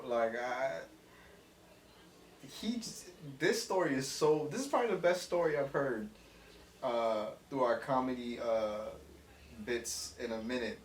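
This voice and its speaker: A man's voice: mid-range voice, echoey room, recorded from a distance, slight background noise. A man hosting a reaction video, chatting casually and profanely, hedging his opinions. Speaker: reaction channel host. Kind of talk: casual chat.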